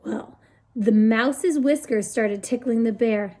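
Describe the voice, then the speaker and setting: A woman reading a picture book aloud to young children, in an expressive, animated manner with sound effects. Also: a little high, takes it slowly. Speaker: storytime reader.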